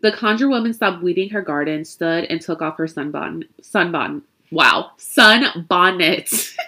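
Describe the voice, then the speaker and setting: A woman reading a spooky story aloud, expressive and chatty, adding her own asides along the way. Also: fairly low pitch, moderate pace.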